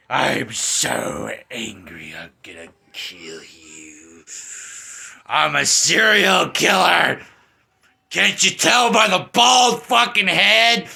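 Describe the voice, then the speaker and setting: A man's voice: high voice, gravelly, pitched above the performer's own voice, full character voice. Man mocking a whiny bald killer. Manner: whiny, petulant and loud.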